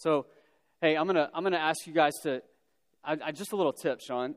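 A man giving a casual, animated storytelling talk to young people, with lots of fillers and repeated words. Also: a little high, brisk, clear, resonant tone. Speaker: youth speaker. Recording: long hall reverb.

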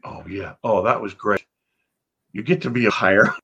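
A man's voice: on the low side, moderate pace, vocal fry, bright, forceful tone, breathy edge. An older man, an actor guest, telling anecdotes in a casual interview, rambling with frequent restarts. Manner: rambling, restarts often, laughs.

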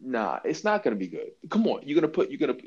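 A man co-hosting a podcast, talking in an animated, emphatic, slangy way and swearing freely. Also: mid-range voice, quick pace, slightly rough, muffled recording. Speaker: podcast co-host. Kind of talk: casual chat. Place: New York.

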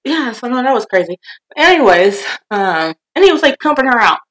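A woman co-hosting a casual podcast chat, animated and acting out quotes with bursts of laughter. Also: on the high side, fairly quick, rough recording. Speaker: podcast co-host.

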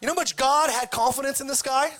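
A man preaches with a high, bright, ringing voice. He is animated and emphatic, and he switches between conversational asides and raised, shouted declarations. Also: quick pace. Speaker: pastor. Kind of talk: sermon.

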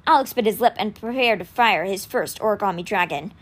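A woman reading a novel aloud for a podcast, telling the story in an expressive way. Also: medium pitch, brisk. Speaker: audiobook reader.

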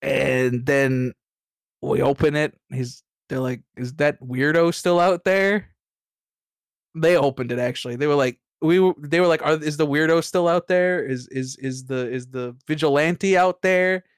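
A man's voice: a little high, a little slow, clear, resonant tone, dry recording, studio quality. A man casually recapping a tabletop game session, rambling and profane, full of restarts and laughter. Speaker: player recapping last session.

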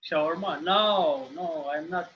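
A man from Romania with a Romanian accent, a guest in a casual interview, speaking halting English as he searches for words and laughs often. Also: on the high side, muffled recording.

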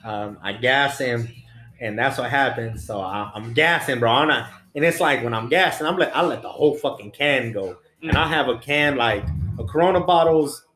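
A man's voice: medium pitch, normal speed, a bit bright. A man, a former prison officer, telling a story in casual, blunt, profane street slang. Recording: roomy echo, faint music.

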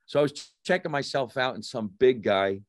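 Comedian dude telling stories, jumps into voices for quotes, dry mic. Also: male voice, mid-range voice, a little fast, dry recording. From New Jersey. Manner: animated storyteller, acts out quotes in raised voices. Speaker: comedian guest. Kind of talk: casual storytelling chat.

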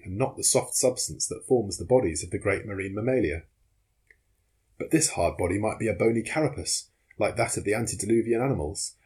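A man reading a classic adventure novel aloud in measured, dramatic first-person narration. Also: fairly low pitch, darkish tone, breathy edge.

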